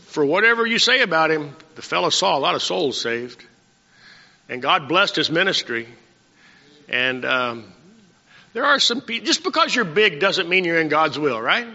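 An older male pastor delivers a folksy sermon, calling out to people in the pews. His voice is high, bright and gravelly. The recording is dull and lo-fi, with long reverb from the church hall. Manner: folksy preaching with asides to the congregation. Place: church sanctuary.

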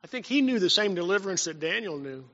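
A man preaching a sermon as pastor, telling stories and swinging between loud and hushed. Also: high-pitched, expressive, quick pace. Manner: storytelling preacher, rising and dropping in volume. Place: church sanctuary. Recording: dull sound in a long-reverb hall.

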